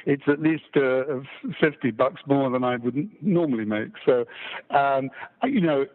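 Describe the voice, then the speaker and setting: Older baritone narrator, mid-Atlantic accent, chatty and stammering, tinny phone sound. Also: male voice, moderate pace. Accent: mixed British-American. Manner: chatty, self-deprecating, frequent stammering restarts. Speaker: audiobook narrator guest. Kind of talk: casual interview chat.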